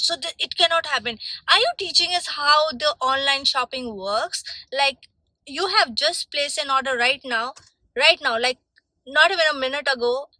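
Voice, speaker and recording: A woman's voice: high-pitched, bright, forceful tone, no echo, poor audio. A young woman vlogging on the way home, complaining in an indignant, emphatic way. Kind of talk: casual vlog rant.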